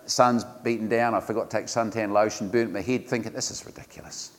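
A man, a pastor preaching in an earnest, conversational way, often pausing on fillers and restarting phrases. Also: on the low side, fairly even intonation, in a large hall. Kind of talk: sermon. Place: church.

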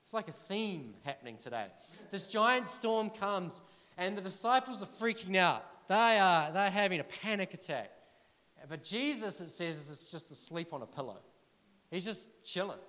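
A man preaching a sermon to a church congregation, energetic and urging the crowd to respond. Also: high voice, normal speed. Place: church hall. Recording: long reverb of a large hall.

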